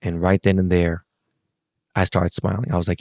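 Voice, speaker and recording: A man's voice: sits low, level tone, moderate pace, a little mellow, no room sound, clean studio sound. A middle-aged man in a casual, profane rant, venting about a loss. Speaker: sports fan.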